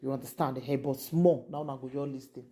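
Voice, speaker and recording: A woman's voice: rumbling low, steady tone, fast talker, warm tone. A woman from Nigeria with a Nigerian Pidgin accent, hosting a casual gossip show in an exclaiming, repetitive, incredulous way.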